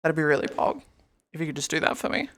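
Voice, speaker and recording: A woman's voice: sits low, sing-song, fast talker. A young woman live-streaming in casual chat, rambling and greeting her viewers by name over a headset mic.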